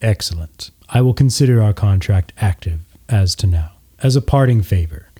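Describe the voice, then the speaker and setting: Guy doing a deep creepy patron voice, smooth and slow. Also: expressive, dark tone. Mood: sinister. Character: sinister male patron spirit voice.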